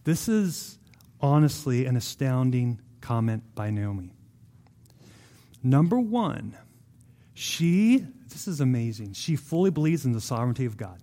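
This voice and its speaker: A man preaching a sermon as pastor, retelling a scripture story with animated, vivid storytelling. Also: medium pitch, a little slow.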